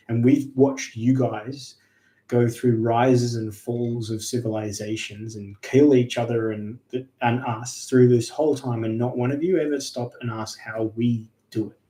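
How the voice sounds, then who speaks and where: A weary old grandpa gum tree, as a man puts it on, speaks slowly and heavily, lecturing. The voice is dark and mellow. It carries a roomy echo. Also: medium pitch, lightly acted.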